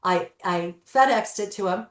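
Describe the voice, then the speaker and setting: In an echoey room, a woman with a medium-pitched voice tells stories at a moderate pace during an interview. She's a real estate broker appearing as a guest, and she animatedly acts out the dialogue as she goes.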